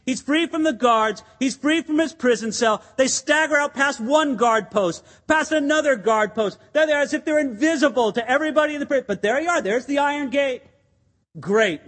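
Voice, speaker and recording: A man delivers an earnest, emphatic sermon, his voice sitting unusually high. He drives his points home with rhetorical questions and repeated phrases. A long reverb from the church hall trails each line. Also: fairly bright tone. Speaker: pastor.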